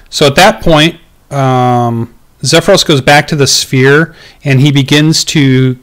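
Dm guy narrating his tabletop game, lots of ums and restarts, average pitch. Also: fairly bright tone. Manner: hesitant, many ums and restarts. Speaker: game master.

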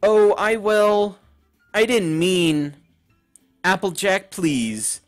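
A man voicing a shy, timid young female pony in a game, with a soft, hesitant, stammering delivery. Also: sits high, expressive, drawn-out words, faint music behind, pitched above the performer's own voice, exaggerated voice. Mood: nervous. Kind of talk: reading game dialogue aloud.

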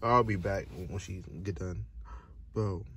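A young man vlogging a prank, nervous and excitable, drifting from mumbled asides to loud outbursts. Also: deep voice, a little slow, very noisy. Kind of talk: casual vlog narration. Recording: loud music behind the voice.

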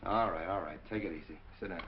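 An actor playing a brusque, hard-boiled police captain who barks orders. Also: male voice, low voice, fast talker, lightly acted. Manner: gruff, barking orders. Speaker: police detective. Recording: muffled 1940 film soundtrack with hiss.

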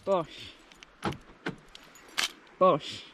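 A woman chatting casually to camera as a hiking vlogger outdoors by a lake, self-mocking and quick to laugh. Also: fairly bright tone, a little hiss or hum.

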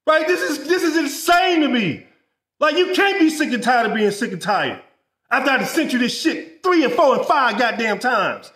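Profane, exasperated business coach ranting to camera; high, animated delivery in a roomy space. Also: male voice, normal speed. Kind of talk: ranting vlog.

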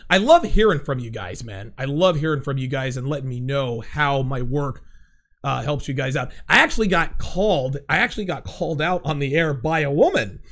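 A man hosting a livestream, reading out chat comments in blunt, profane, excitable casual talk. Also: medium pitch, normal speed.

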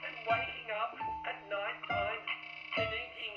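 A man putting on a worried, high-voiced caller, heard through a telephone filter, slow and soft. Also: level tone. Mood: frantic. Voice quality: squeaky, slowed and soft. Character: panicked high-voiced caller reporting a strange emergency. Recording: muffled telephone-filtered voice over loud music, roomy.

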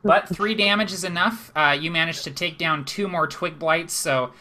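Game master, male, bright tone, descriptive narration with pauses. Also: a little high, steady tone.

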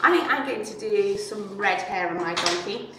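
A woman's voice: medium pitch, moderate pace, background noise. A woman showing young children how to make a paper donkey craft, chatty and playful, asking them questions as she works. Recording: very echoey and distant.

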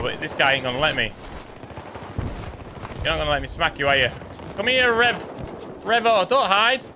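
A man from the UK giving joking, excitable commentary while playing a game, chatting to his teammates. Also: a little high, noisy background. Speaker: gaming YouTuber. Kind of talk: casual gameplay commentary. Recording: game sounds clearly behind the voice.

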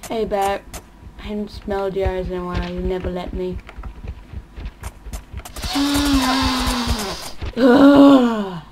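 A woman's voice: lowish voice, flat delivery, brisk. A woman giving casual gameplay commentary for her channel, thinking aloud and often trailing off mid-sentence. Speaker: gaming channel host. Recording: audible background noise.

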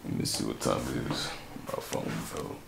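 A young man vlogging his morning routine in a casual, slangy and rambling way, his voice husky and groggy from just waking up. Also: extremely low pitch, normal speed, very noisy. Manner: slangy and rambling, self-correcting. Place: home bathroom. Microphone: camera on a tripod.

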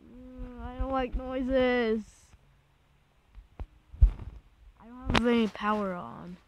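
A woman's voice: on the high side, steady tone, very slow, highs cut off, noisy background. A woman giving casual gameplay commentary, easily startled and exclaiming in fright, rambling and restarting her sentences. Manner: jumpy, keeps exclaiming in fright. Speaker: gaming channel host.

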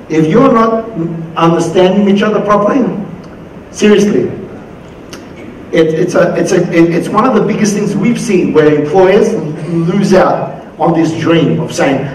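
A man's voice: sits high, distant mic, a little hiss or hum. Australian man keynoting in echoey hall. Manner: energetic, acts out quoted voices. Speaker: conference keynote speaker. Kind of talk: motivational conference talk. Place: conference hall.

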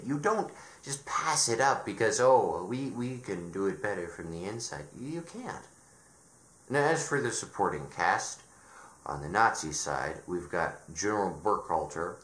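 A man with a medium-pitched, slightly bright voice gives a sarcastic, exasperated rant reviewing a show. He's a video reviewer who often restarts his sentences, and the room echoes noticeably.

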